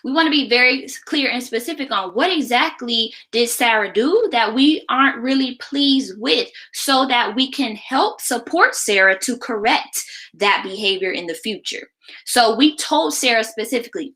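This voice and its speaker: A woman's voice: a little high, lively intonation, moderate pace, sharp tone, poor audio. A woman teacher explaining classroom practice in an instructional video, often checking in with the listener by asking "right?". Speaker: teacher and education creator.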